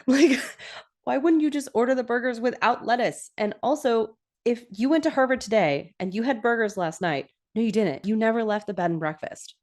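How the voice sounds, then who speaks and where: A young woman hosting a podcast, chatting casually as she recaps a TV episode with frequent giggles. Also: normal speed. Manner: chatty, giggly, animated, acts out quotes in a higher voice.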